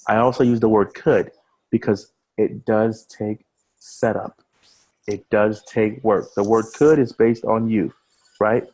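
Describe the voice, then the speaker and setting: A man's voice: on the low side, steady tone, slow, a little mellow, poor audio. A man giving a casual screen-share webinar walkthrough as an online marketing trainer. He talks over a video call, often repeating words and restarting phrases as he explains.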